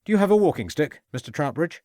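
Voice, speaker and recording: A man doing a shrewd, stern inspector grilling a suspect in an audiobook. He presses firmly and threatens with steady authority, his pitch rising and falling with emphasis. The recording is dry and close. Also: moderate pace, dry recording, natural voice. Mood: stern, pressing. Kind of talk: audiobook character voice.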